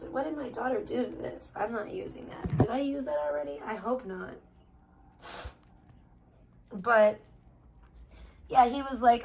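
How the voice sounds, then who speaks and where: A woman's voice: fairly high pitch, moderate pace, vocal fry, long pauses, darkish tone. A middle-aged woman live streamer in casual chat, talking candidly and emotionally to her viewers and swearing freely.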